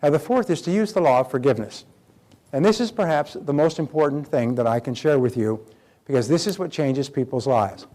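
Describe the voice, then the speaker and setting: A man's voice: fairly high pitch, animated, a little fast, darkish tone. An older man giving a motivational seminar talk, emphatic and repeating key phrases, acting out quoted dialogue as he goes. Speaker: motivational speaker.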